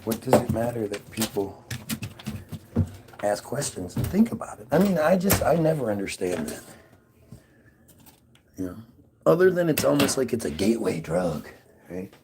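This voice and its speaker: A man's voice: fairly low pitch, sing-song, normal speed, long pauses, heavy background noise. A man hosting his own livestream, musing aloud in a casual, rambling and sarcastic way from home. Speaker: livestream host.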